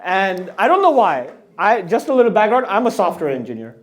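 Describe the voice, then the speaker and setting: A man's voice: sits high, big pitch swings, a little fast. A man laughing and teasing back while telling a story at a pre-wedding party. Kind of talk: joking toast banter.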